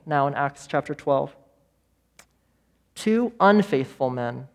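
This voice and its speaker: A man preaching a sermon as pastor, emphatic, with repeated phrases and dramatic pauses. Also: fairly high pitch. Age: adult parent of young children.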